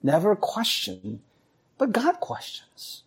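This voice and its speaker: A man's voice: high-pitched, takes it slowly, slightly rough. A man preaching a sermon, telling stories and acting out voices as he goes. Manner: animated storytelling, acts out voices. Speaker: pastor.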